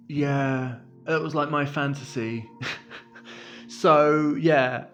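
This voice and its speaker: A middle-aged man from the UK chatting casually to camera as a vlogger, self-deprecating and laughing often. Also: on the high side.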